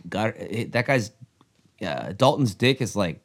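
A man's voice: lowish voice, big pitch swings, a little slow. A young man co-hosting a podcast, rambling and swearing freely in casual chat about a film. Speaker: podcast co-host.

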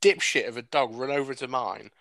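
A man's voice: mid-range voice, fairly quick, vocal fry, fairly bright tone, dry recording. A man co-hosting a podcast, ranting bluntly and swearing in casual banter. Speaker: podcast co-host.

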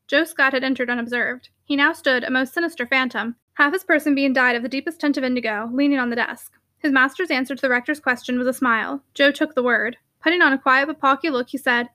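Bright high-voiced woman reading a novel. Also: fairly even intonation, dry recording. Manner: clear, measured storytelling. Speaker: audiobook reader. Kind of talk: reading a classic novel aloud.

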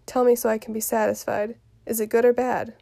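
A woman reading the part of an impatient lovesick teenage girl aloud from a play, quiet and soft with some words whispered. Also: on the high side, level tone, brisk, creaky. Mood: eager.

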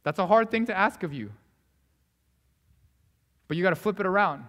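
Young man, pastor, high voice, casual sermon, acts out characters, hushed asides, long hall reverb. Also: animated, moderate pace.

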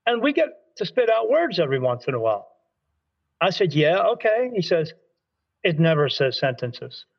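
Lively storytelling man, slightly high voice. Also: normal speed, creaky, breathy edge, lo-fi sound. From Delaware, USA. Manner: animated storyteller, acts out quoted dialogue, frequent restarts. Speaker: spirit medium. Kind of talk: storytelling in conversation.

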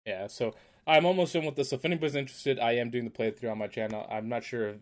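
Male podcast co-host, mid pitch, casual and animated storyteller. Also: fast. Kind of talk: casual chat.

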